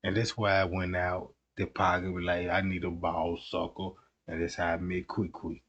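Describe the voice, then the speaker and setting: Man doing a low, quiet confessor, confiding and mumbled. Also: monotone, moderate pace, muffled recording. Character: hushed low-voiced man confessing his cheating.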